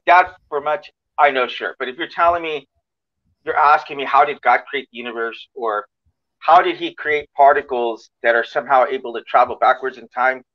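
A man's voice: mid-range voice, normal speed, dull audio. A man hosting a podcast in casual interview chat, friendly and rambling with frequent restarts. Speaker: podcast host.

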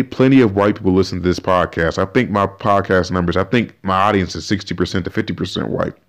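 A man hosting a podcast, giving animated, emphatic opinion commentary and often restarting his sentences. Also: deep voice. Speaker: podcast host.

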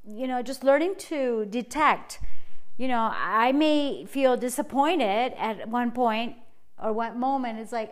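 A woman hosting a solo podcast, talking in a bubbly, energetic way and laughing often. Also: fairly high pitch, measured pace. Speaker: podcast host and life coach. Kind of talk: casual solo podcast monologue.

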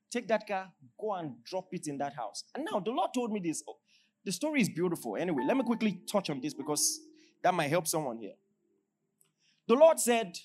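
A man with a Nigerian accent preaching a sermon as pastor, swinging between loud declarations and hushed storytelling. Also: sits high. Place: large church hall.

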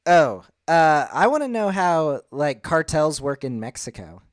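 A man co-hosting a casual podcast chat, curious and asking questions, telling stories in a relaxed way. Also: on the high side, measured pace, dry recording, studio quality. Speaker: podcast co-host.

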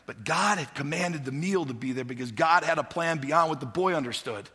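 A male pastor preaching a sermon, telling stories in a lively way and acting out the characters as he goes. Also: fairly high pitch, brisk, few pauses, breathy edge. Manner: animated storytelling, acting out characters. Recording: long hall reverb.

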